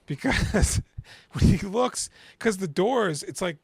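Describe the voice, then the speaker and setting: A man's voice: takes it slowly, vocal fry, breathy edge. A man co-hosting a podcast, casually retelling a film's plot and acting out the characters' lines. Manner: animated retelling, acting out lines in high put-on voices. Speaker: podcast co-host. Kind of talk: casual movie recap chat.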